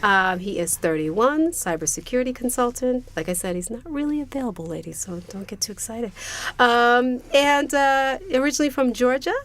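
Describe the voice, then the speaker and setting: A woman's voice: a little high, expressive, moderate pace. A woman co-hosting a podcast, introducing guests in a bubbly, enthusiastic way. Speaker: podcast co-host. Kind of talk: casual chat.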